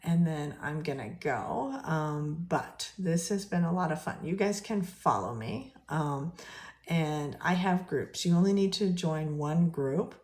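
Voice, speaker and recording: A woman's voice: low-pitched, expressive, a little slow, darkish tone. Chatty woman teaching English. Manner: chatty, asks viewers questions, many fillers and restarts. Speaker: English professor. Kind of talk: casual live-stream lesson. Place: home kitchen. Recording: echoey kitchen.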